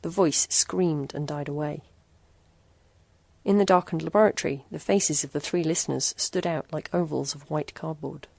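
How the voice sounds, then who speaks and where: Low, gravelly woman narrator. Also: fairly even intonation, moderate pace, darkish tone, no echo. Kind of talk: storybook narration.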